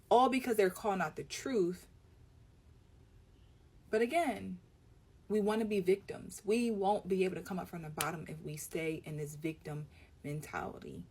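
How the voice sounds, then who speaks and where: Woman, lowish voice, scolding and preachy commentary. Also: darkish tone, breathy edge. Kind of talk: commentary to camera.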